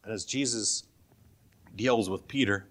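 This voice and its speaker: A man's voice: on the low side, unhurried, a bit bright. A man preaching a sermon in a conversational way, often asking his listeners questions. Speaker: pastor.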